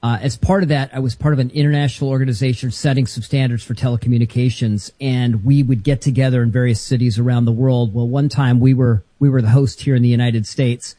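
A man's voice: mid-range voice, mellow, dry recording. A man co-hosting a talk show, telling stories in a dry, easygoing way. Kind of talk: casual chat.

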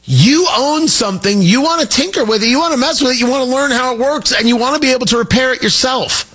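A middle-aged man hosting a talk radio show, animated and jokey, wandering off on tangents. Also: very high-pitched, fast talker, slightly rough. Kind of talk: opinionated talk radio monologue.

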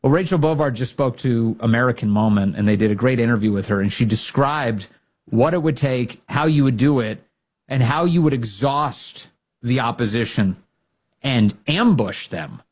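Male talk host, husky tone, punchy opinion delivery. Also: mid-range voice, expressive, normal speed, darkish tone. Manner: emphatic, rallying, repeats phrases for punch. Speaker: political talk show host. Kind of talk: opinionated commentary.

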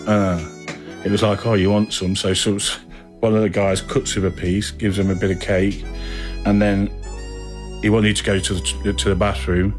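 A man with a rambling, animated storytelling manner, acting out what people said. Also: fairly low pitch, normal speed, soft background music. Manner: rambling, animated anecdotes with acted-out quotes. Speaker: interviewee. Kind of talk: casual storytelling.

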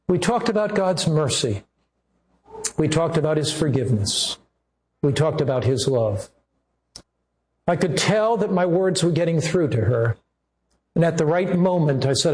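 A male pastor delivers a sermon in an earnest storytelling manner, slowing down to stress key phrases. His voice sits a bit high, and it rings in a noticeably echoey room. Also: lively intonation, darkish tone.

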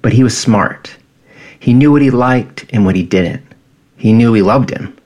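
A man in his thirties reading his own personal essay in a quiet, measured, reflective way. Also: fairly low pitch, muffled recording.

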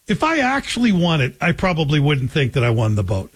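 Middle-aged man, talk radio host, husky voice, wry conversational monologue. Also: a little high, expressive, a little fast, hardly any pauses. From Scotland. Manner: wry, joking, conversational storytelling.

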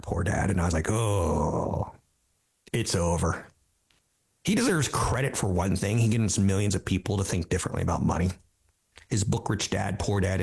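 A gravelly, husky man in his fifties hosts a talk radio show. His voice sits low, and he tells his stories with animation, mocking the people he quotes. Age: 50s. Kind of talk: casual talk radio monologue.

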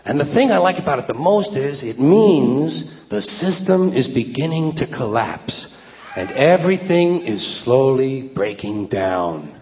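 Sardonic stand-up man, high lively voice, slightly dull lo-fi sound. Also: unhurried. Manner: wry, conversational, sardonic. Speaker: stand-up comedian. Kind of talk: stand-up monologue. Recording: dull lo-fi with faint ambience.

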